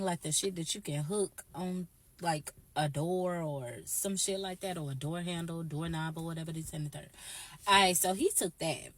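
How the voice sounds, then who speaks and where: A woman vlogger telling an animated, profane, slangy story straight to camera. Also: lowish voice. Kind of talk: storytime vlog.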